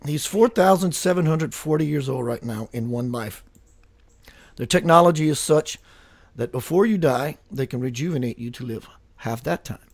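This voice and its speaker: Earnest male host, a touch high-pitched, dry close sound. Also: lively intonation, normal speed, no echo. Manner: earnest, emphatic, fervent. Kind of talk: casual talk show conversation.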